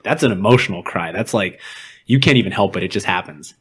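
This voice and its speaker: Low-voiced man in casual podcast chat. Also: expressive, brisk, noisy background. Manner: open, laughing, self-deprecating storytelling. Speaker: podcast co-host.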